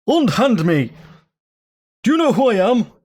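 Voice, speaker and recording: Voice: medium pitch, very animated, a little slow, darkish tone, voice pushed up. A game master voicing a haughty, bougie magic sword that talks. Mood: imperious. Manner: imperious, then confused and posh.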